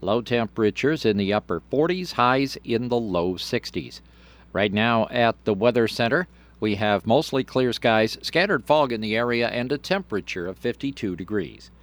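A man's voice: medium pitch, lively intonation, moderate pace. Man announcing weather on radio. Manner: smooth announcer delivery of weather and intros.

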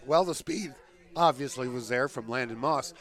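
A man giving color commentary on a football radio broadcast, relaxed and agreeable in his analysis. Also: mid-range voice, moderate pace.

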